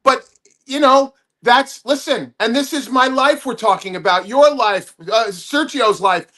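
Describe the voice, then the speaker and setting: A male comedian spins a long anecdote as a podcast guest. His voice is high and bright. He restarts his phrases often and stays animated throughout. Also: a little slow. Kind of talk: podcast storytelling.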